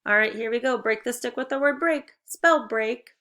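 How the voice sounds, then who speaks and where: A woman teaching children in a recorded video lesson, giving encouraging, clearly paced instructions and drawing out key words slowly. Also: on the high side, bright, forceful tone. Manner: stretches out target words slowly.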